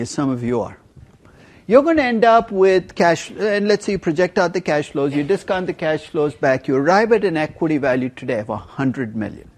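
A man teaching a university finance class, emphatic and lively, teasing students with questions. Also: fairly high pitch. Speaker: finance professor. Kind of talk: university lecture.

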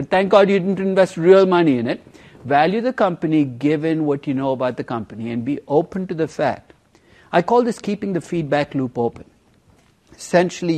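Lively man lecturing on finance. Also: fairly high pitch. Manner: lively, emphatic, teasing students with questions. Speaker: finance professor. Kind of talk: university lecture.

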